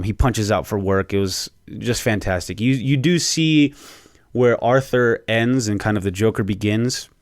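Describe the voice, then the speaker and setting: A man hosting a podcast in an excited, casual way. He swears freely and fills pauses with "um". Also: on the low side, no echo, clean studio sound. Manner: excited, profane, lots of fillers. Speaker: podcast host. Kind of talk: casual chat.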